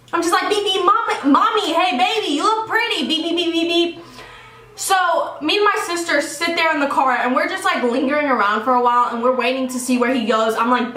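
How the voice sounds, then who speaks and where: A young woman chats straight to camera, telling a story full of swearing and lively put-on voices for everyone in it. Her voice sits high and bright. The sound is roomy and a little distant, with faint ambience behind her. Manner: animated, profane, acts out dialogue in quoted voices. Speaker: vlogger. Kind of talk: casual storytime vlog. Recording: roomy echo, a bit off-mic, faint ambience.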